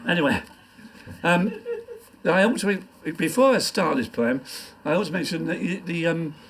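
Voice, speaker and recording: A man's voice: fairly high pitch, expressive, normal speed, a bit bright, breathy edge. An older man and comic poet, reading his poems live in a pub with a rambling, self-mocking delivery. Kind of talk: live stand-up poetry reading. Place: pub function room.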